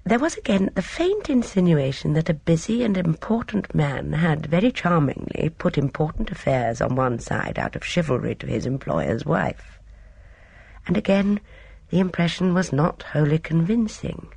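A woman reading a novel aloud as a narrator, in measured storytelling. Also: deep voice, animated, gravelly, a little mellow, husky, dry recording. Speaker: audiobook narrator. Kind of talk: scripted narration.

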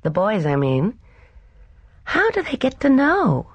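A reader voicing an impulsive young married woman in a storybook reading, talking in quick exclamations. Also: mid-range voice, wildly swooping pitch, slightly rough, no echo, highs cut off, voice pushed up, exaggerated voice. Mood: emotional. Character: young woman, emotional, loyal wife.

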